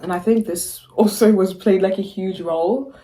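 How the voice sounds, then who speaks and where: A woman's voice: medium pitch, moderate pace, mellow. A young woman from South Africa, co-hosting a podcast, talking in a rambling casual way with many fillers and restarts. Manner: rambling, full of fillers and restarts, laughs often. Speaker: podcast co-host. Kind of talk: casual chat.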